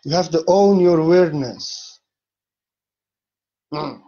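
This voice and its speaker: Man, foreign accent, warm mellow voice, silly and theatrical, dull lo-fi recording. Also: fairly high pitch, slow, vocal fry. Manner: repeats words emphatically. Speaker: spiritual teacher. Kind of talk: motivational monologue.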